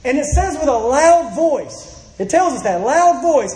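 High-voiced man preaching a sermon. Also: big pitch swings, measured pace, a little mellow, echoey room, low-quality recording. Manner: earnest pleading delivery, acts out quoted voices, repeats phrases.

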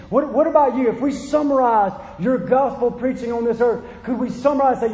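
A man's voice: extremely high pitch, a little fast, a little mellow. A man preaching a sermon with passion, pleading with listeners and acting out quotes. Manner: impassioned, pleading, acts out quotes. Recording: echoey hall.

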